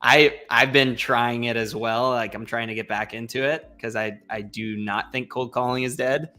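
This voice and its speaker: A man's voice: medium pitch, steady tone, normal speed, bright, forceful tone. A man hosting a casual interview in an upbeat, encouraging way. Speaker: podcast host.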